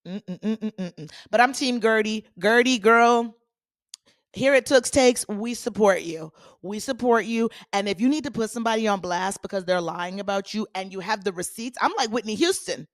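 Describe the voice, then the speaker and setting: A woman hosting a solo commentary podcast, talking in a sassy, animated way with playful asides to her listeners. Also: mid-range voice, moderate pace, no echo, clean studio sound. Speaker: podcast host.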